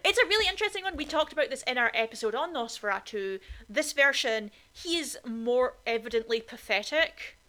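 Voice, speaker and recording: A woman co-hosts a casual film podcast in a bright, slightly high voice. She talks in a chatty, opinionated way and drops in plenty of "like" fillers. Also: lively intonation, brisk, few pauses. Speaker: podcast co-host.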